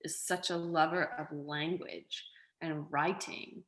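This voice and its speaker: An actress from Australia telling stories in a casual interview, animated and expressive. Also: female voice, deep voice, slow pace, echoey room, low-quality recording. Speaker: actress, guest.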